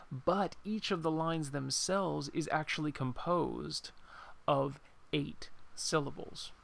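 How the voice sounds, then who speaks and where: A man teaching a poem in an informal, unscripted lesson, pausing to think and reading verse lines slowly. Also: a little high, creaky, fairly bright tone. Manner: unscripted, thinks aloud with pauses and apologies. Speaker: poetry teacher.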